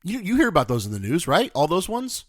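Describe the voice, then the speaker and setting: A man in his thirties hosting a podcast, ranting sarcastically in a casual monologue and swinging from low mutters to shouting, on a close studio mic. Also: huge pitch swings, fast, no echo. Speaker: podcast host.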